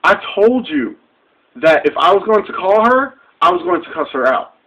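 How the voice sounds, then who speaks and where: A man's voice: high voice, wildly swooping pitch, fairly quick, creaky, fairly bright tone. A young man ranting straight to camera, heated, profane and confrontational, in a dull lo-fi webcam recording. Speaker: vlogger. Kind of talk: direct-to-camera rant.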